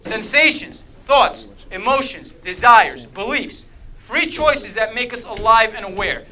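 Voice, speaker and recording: His voice sitting high and his pace measured, a man quizzes a group during an interactive apologetics talk on faith, repeatedly asking "okay?" and adding playful asides. The delivery is lively and animated with playful humor, on a low-quality recording.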